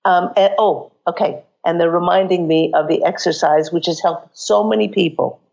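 A woman with a croaky voice giving psychic readings on a call-in radio show, earnestly guiding listeners through exercises. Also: on the low side, steady tone, normal speed, darkish tone, muffled recording.

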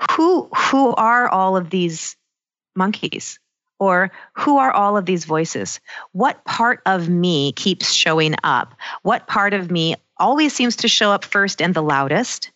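Earnest woman coach, low and dry. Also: fairly bright tone, no room sound, highs cut off. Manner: earnest, personal, slows down to stress key lines. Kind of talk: reflective self-help talk.

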